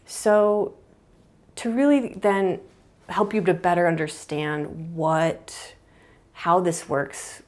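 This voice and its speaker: A woman's voice: on the low side, steady tone, takes it slowly. A young adult woman, a mind-body therapist, explaining ideas casually and thoughtfully at a whiteboard, with many fillers.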